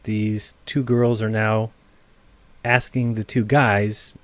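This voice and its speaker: A man's voice: on the low side, little pitch movement, slow, no room sound. A man giving dry, wry voice-over commentary between clips. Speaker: channel host commenting on a clip.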